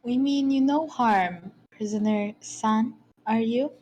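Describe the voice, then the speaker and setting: Brief: woman doing a courteous young assistant, slow and fairly high, faint music. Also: darkish tone, a little hiss or hum. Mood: polite. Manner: formal, measured, courteous. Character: polite young female legal assistant.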